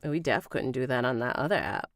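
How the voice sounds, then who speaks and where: A woman's voice: rumbling low, animated, fast talker, a little hiss or hum. A woman recording an audiobook on a live stream, rereading lines and stopping to comment and laugh at herself. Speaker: audiobook narrator.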